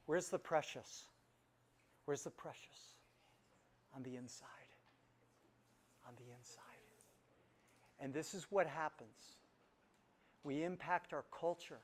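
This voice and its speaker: A man preaching a lively sermon, animated and emphatic, repeating his key phrases for effect. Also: on the high side. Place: church service on Kauai.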